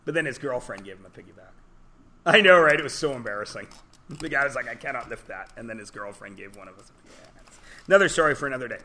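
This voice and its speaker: A man's voice: medium pitch, bright, forceful tone. A man teaching a classroom lesson, joking, telling stories and quizzing his students. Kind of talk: classroom lecture.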